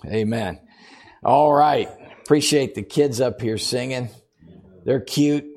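An older man speaks from a church pulpit in a relaxed, folksy way. He tells gentle jokes, chuckles at his own punchlines, and keeps the congregation at ease before his sermon. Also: medium pitch, slow. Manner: humorous, chatty, laughs at his own jokes. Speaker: guest preacher. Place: church sanctuary.

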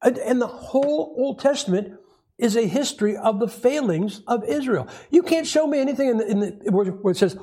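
High-voiced folksy male preacher. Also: animated, fairly quick, mellow. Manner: folksy, conversational, acts out quotes with rising pitch. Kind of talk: sermon.

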